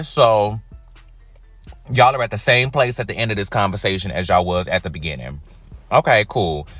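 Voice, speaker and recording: Low-voiced guy doing reaction commentary, super animated, cussing, faint music behind. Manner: animated, wry, swears freely. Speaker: reaction vlogger.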